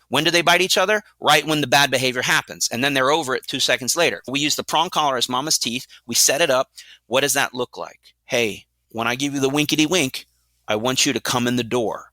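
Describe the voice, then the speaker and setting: A middle-aged man who trains dogs explains his methods in an energetic, blunt way and often poses rhetorical questions. His voice is keen and very bright at a medium pitch. The sound is dry and close. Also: no room sound. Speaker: dog trainer, guest. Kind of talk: explanatory interview talk.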